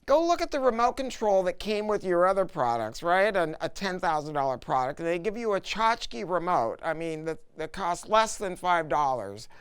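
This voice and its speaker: A middle-aged man presenting an audio product review, telling stories in an emphatic, animated way. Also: high-pitched, normal speed, hardly any pauses, clean tone. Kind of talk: casual product review talk.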